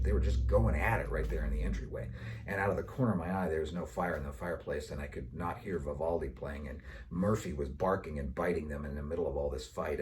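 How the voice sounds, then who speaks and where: A middle-aged man telling a story in a talk, lively and acting out voices as he goes. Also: rumbling low, distant mic, a little hiss or hum. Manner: animated storyteller, acts out voices. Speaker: educator giving a talk.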